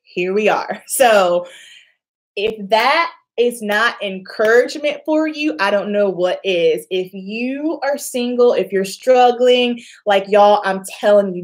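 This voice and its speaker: A young woman telling a personal story to camera in a casual vlog, acting out the voices of the people in it. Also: mid-range voice. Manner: animated, acts out quoted voices, laughs often. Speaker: beauty vlogger.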